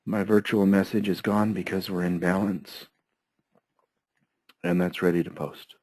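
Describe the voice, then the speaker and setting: A man teaching accounting software step by step, his voice hoarse and often interrupted by throat clearing. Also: deep voice, unhurried, low-quality recording. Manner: steady, methodical step-by-step explaining. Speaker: software trainer. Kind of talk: screen-share software tutorial.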